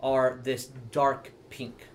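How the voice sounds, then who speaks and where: A man's voice: medium pitch, level tone, slight background noise. A man narrating as dungeon master, often stopping and restarting his sentences. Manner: halting, full of restarts. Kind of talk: narrating a tabletop game.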